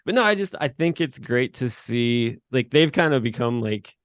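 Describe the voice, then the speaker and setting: With an animated, mid-range voice at a normal speed, this man in his thirties co-hosts a podcast in a casual, rambling style packed with fillers and restarts. The recording is dry and studio quality.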